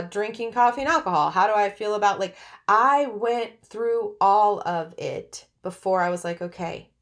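Chatty, candid middle-aged woman storyteller. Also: mid-range voice. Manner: laughs often mid-sentence. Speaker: podcast host. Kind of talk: personal storytelling monologue.

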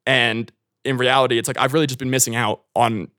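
Young male guest, American, loose filler-heavy rambling, mid pitch, dry mic. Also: flat delivery, fairly quick, pushed and bright, no echo. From United States. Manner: rambling, heavy filler words, frequent swearing. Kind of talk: casual podcast chat.

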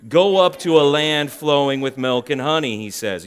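A man preaching a sermon as pastor, swinging between loud emphasis and hushed tones. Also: mid-range voice, moderate pace, few pauses, clear, resonant tone.

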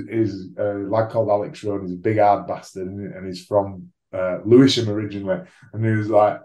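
A man's voice: on the low side, steady tone, fairly quick, hardly any pauses, darkish tone. A man, a rugby league player telling his own story as a podcast guest, frank and self-deprecating, swearing freely. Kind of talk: candid conversational storytelling. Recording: roomy echo.

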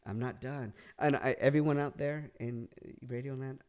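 A man's voice: mid-range voice, moderate pace, darkish tone, smooth. A man from California, a comedian telling a long rambling story on a casual podcast, restarting and repeating his words. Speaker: comedian guest.

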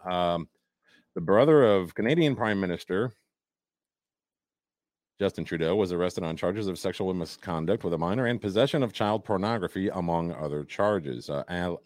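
A man co-hosting a live talk show, reading news stories aloud with halting restarts and casual asides. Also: sits low, a little mellow, no echo, studio quality. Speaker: podcast co-host. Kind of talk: casual live-stream chat.

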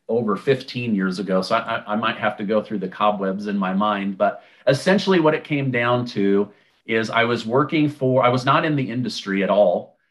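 Man telling a story with animated quoted dialogue. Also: mid-range voice. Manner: conversational, with many restarts and fillers. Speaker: interview guest. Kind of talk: casual storytelling.

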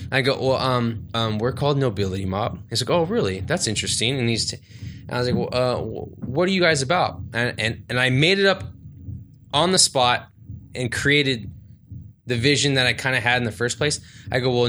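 Bright-voiced man, thirty, telling a story. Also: mid-range voice, slight background noise. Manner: animated, acts out quoted voices. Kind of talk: casual storytelling.

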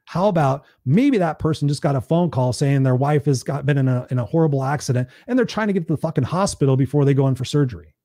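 A man's voice: mid-range voice, fast, few pauses, dark tone, no room sound, studio quality. Blunt, swearing man on a live stream. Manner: blunt, swears freely, preachy and conversational. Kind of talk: motivational live-stream talk.

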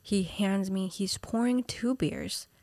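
A woman's voice: mid-range voice, slow, no room sound. Young woman telling a story animatedly. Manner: animated storytelling, whispers quoted lines. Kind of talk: casual chat.

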